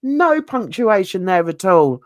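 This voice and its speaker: A woman's voice: mid-range voice, very animated, measured pace, dry recording, studio quality. A woman hosting a true crime channel, reading viewer comments aloud in a casual, self-mocking way, stumbling over words and laughing at herself.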